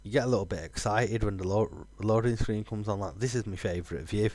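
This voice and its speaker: A man's voice: lowish voice, fairly quick, a little mellow, no echo. A man, musing aloud with fillers while streaming a game. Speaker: gaming streamer. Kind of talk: casual let's-play commentary.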